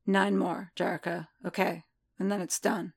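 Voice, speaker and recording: A woman voicing a gentle, fond man, low and soft. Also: level tone, normal speed, creaky, slightly rough. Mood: tender. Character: gentle deep-voiced man, fond and forgiving.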